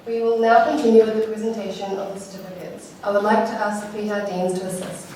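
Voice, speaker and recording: A woman's voice: medium pitch, flat delivery, fast. A New Zealand woman hosts a graduation ceremony with polite, formal announcements. Her voice is picked up from a distance in a reverberant school hall, with audible background noise in the room. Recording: echoey hall from far off.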